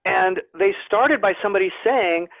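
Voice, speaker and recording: A high-pitched man speaks at a normal pace with vocal fry, and the recording itself is dry. He's a plant scientist giving an online lecture to a naturalist club over a video call, chatty and self-deprecating, often repeating words. The audio sounds tinny and phone-like, typical of a video call.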